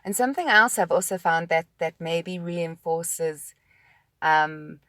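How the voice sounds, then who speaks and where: A woman's voice: fairly low pitch, takes it slowly, no room sound, studio quality. A woman hosting a parenting discussion, listening attentively and adding her own points. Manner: attentive, many soft affirmations. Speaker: host. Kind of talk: conversational discussion.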